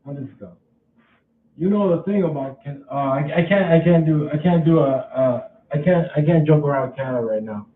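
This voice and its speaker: A man's voice: fairly high pitch, echoey room, far from the mic, narrow, tinny audio, slight background noise. A man casually vlogging at home, rambling and restarting his sentences as he talks through a chore. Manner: rambling, repeats himself, halting restarts.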